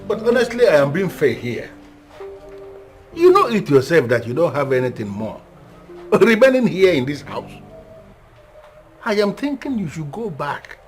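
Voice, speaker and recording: A man's voice: on the high side, huge pitch swings, normal speed, long pauses, soft background music. An older man with a Nigerian accent playing a stern father and head of the house in a film drama. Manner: stern, scolding.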